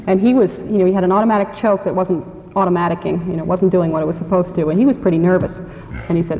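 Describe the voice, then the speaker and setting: A woman's voice: fairly low pitch, steady tone, quick pace, a little hiss or hum. Woman telling anecdotes in a hall. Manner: warm anecdotal storytelling. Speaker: guest speaker. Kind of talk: storytelling at a public forum. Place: large church hall. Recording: reverberant hall, dull radio sound.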